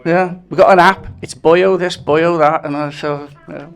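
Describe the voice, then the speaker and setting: Guy doing a wedding speech, kinda high voice, rambling funny stories, laughs at his own jokes. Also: steady tone, normal speed, creaky, clean tone. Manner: anecdotal storytelling, chuckles at his own jokes. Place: wedding reception.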